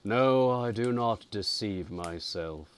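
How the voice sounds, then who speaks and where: A man doing a dying, spiteful old nobleman. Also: clear, resonant tone. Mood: sinister. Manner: slow, menacing, low murmur.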